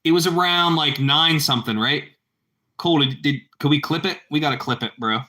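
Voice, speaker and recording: A man's voice: a little high, fairly quick, bright, forceful tone. A man chatting casually with his livestream viewers, rambling and repeating himself, and calling them bro. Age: adult parent. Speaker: livestream host.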